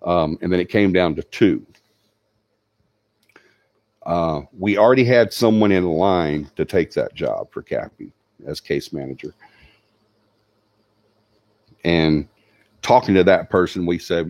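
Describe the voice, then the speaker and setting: Male channel host, deep voice, emotional halting tribute, dry close sound. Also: expressive, darkish tone, dry recording, dull audio. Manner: halting, sincere, many fillers. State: tearing up.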